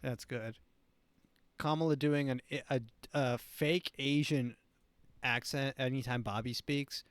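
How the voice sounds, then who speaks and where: A man's voice: medium pitch, steady tone, slow pace, clean tone, no echo. A man hosting a comedy show who comments on clips in a rambling, mocking way. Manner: rambling, mocking, with frequent restarts. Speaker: show host.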